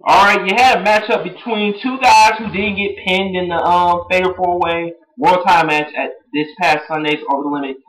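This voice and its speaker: Young male reviewer, rambling and excitable, slightly high voice, echoey room. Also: normal speed, few pauses. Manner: rambling, excitable, laughs and mimics quotes. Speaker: wrestling show reviewer. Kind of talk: casual recap monologue.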